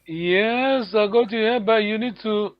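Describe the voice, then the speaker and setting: A man's voice: high-pitched, unhurried, no echo, lo-fi sound. A male language teacher giving an online lesson over a video call, patient and encouraging, often repeating words.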